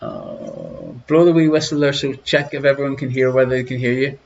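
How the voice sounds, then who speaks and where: Hosting an online quiz from his living room, an Irishman greets viewers by name and teases them in casual live-stream chat. He speaks fast with a medium pitch and fairly even intonation, over heavy background noise in lo-fi home stream audio.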